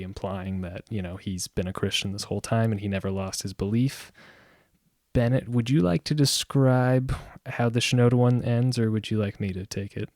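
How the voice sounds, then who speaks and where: A man co-hosting a film podcast, asking questions and steering the talk in a plain, steady way. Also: lowish voice, dry recording, clean studio sound. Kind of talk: casual film discussion.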